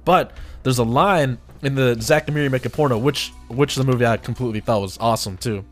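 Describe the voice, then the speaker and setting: A man's voice: medium pitch, fast, faint music behind. A man hosting a radio show in casual chat, telling stories animatedly with frequent restarts and laughter.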